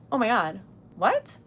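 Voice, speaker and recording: A woman's voice: very high voice, pushed and bright. A young woman, chatting casually on a craft livestream, giggly and easily flustered as she thanks her chat. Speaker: livestream host.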